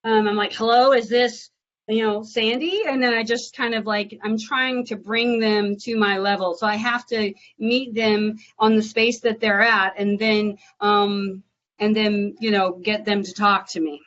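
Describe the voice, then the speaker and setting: A woman's voice: medium pitch, flat delivery, a little slow. Chatty woman real estate agent, muffled. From Nashville, USA. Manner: chatty, filler-heavy, bright and upbeat on calls. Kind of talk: live prospecting calls and Q&A. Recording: muffled lo-fi audio.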